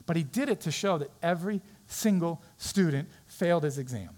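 Earnest preacher man, fairly high voice. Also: lively intonation, fairly quick, a little mellow. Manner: earnest, conversational storytelling. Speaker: pastor. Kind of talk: sermon.

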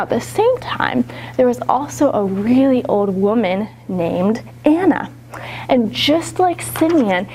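A woman with a high, bright voice tells a Bible story to young children. She keeps it animated and upbeat and keeps asking them to act along. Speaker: children's church teacher.

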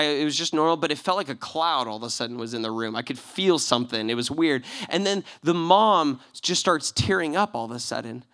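A man preaching from the pulpit with a bright, forceful voice. His pitch sits a little high for a man. He tells his story with animated energy and acts out the people in it. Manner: animated storyteller acting out quoted voices, swinging from loud to hushed. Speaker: pastor. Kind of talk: sermon storytelling.

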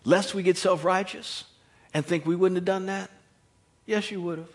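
Dramatic preacher, loud to hushed. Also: male voice, sits high, fairly even intonation, normal speed. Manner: dramatic swings from loud exhortation to hushed near-whispers; repeats words when building a point. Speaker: pastor. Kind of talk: sermon.

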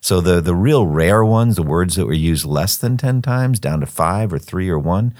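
A man's voice: deep voice, expressive, normal speed, a little mellow, no room sound, clean studio sound. An older man, a former missionary, talking through a Bible study in a thoughtful, rambling way, often repeating words as he thinks. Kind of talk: conversational Bible study discussion.

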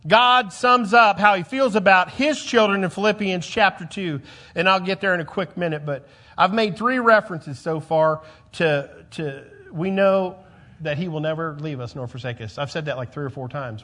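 Man, pastor, sermon, emphatic, repetitive, high-pitched. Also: normal speed. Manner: emphatic, repeats phrases, swings between loud and soft.

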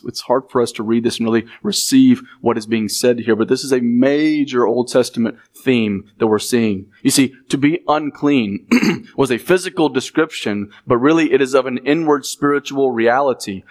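A man preaches a sermon at an ordinary mid pitch. He is emphatic, stresses key words and keeps asking his listeners if they follow. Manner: emphatic, asks the congregation questions. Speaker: pastor.

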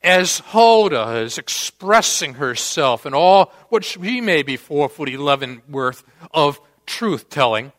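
A man's voice: on the high side, fairly bright tone. A man preaching a sermon, telling a story with dramatic acted quotes. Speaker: pastor. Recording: long church-hall reverb.

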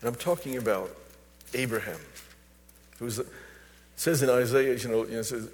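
An older man preaches to his congregation in a church, weaving personal stories into his message at a middle pitch. His voice rings with the long reverb of a big sanctuary. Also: moderate pace, pauses often, a little mellow. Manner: storytelling, personal anecdotes. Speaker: pastor. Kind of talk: sermon. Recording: long reverb of a large hall.

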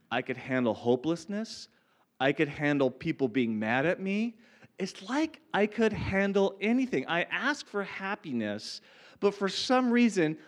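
High, lively-voiced man giving testimony. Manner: earnest storytelling that builds from quiet to impassioned. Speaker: speaker sharing a personal testimony. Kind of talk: testimony told to a congregation.

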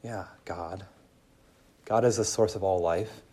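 A young man preaching a sermon to a room, telling stories in an animated way with many asides. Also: low-pitched, takes it slowly, husky. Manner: animated storytelling, laughing, lots of "like". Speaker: pastor. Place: room with an audience.

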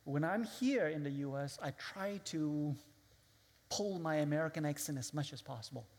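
A man's voice: a little high, moderate pace, a little mellow. A man with a foreign accent preaching as a guest speaker, who acts out his listeners' voices and quotes scripture. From outside the US. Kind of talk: sermon. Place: large hall with a live audience. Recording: long hall reverb.

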